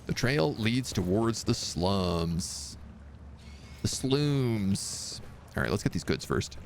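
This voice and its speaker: Gravelly, lively-pitched man streamer. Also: measured pace, a little hiss or hum. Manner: jokey, playful asides. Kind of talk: casual gameplay commentary.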